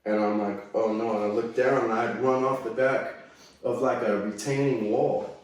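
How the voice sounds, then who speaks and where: A man's voice: medium pitch, steady tone, moderate pace. A man from California telling a story in a casual, slangy way, often saying "dude" and "like.". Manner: laid-back slangy talk full of "dude", "like" and "right?". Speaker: guest. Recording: very echoey, mic far away.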